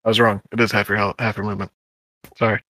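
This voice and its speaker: A man with a low, bright and forceful voice plays a tabletop game, recorded dry and close. He checks rules and asks questions about each ruling. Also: little pitch movement, quick pace, no echo. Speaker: player.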